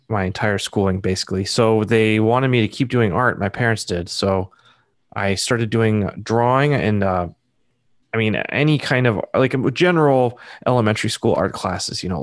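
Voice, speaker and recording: Man, thirties, low voice, dry close sound, rambling casual chat, lots of fillers. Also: dry recording. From Massachusetts. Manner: rambling, filler-heavy, self-deprecating. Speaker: guest artist.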